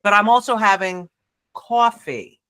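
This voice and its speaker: A woman comedian delivers deadpan, wry jokes over a video call. She speaks very slowly, and her voice is bright and sharp. The sound is dry. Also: medium pitch, clear, resonant tone, dry recording. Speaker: comedian guest. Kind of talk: comic banter on a video call. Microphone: video call, seated.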